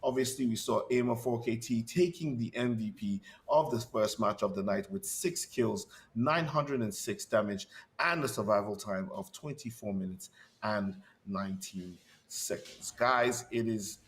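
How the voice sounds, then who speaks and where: Esports caster guy, gravelly creaky voice, hyped and chatty, reading off the leaderboard. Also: fairly low pitch. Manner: energetic, upbeat, laughs easily. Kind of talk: esports broadcast commentary.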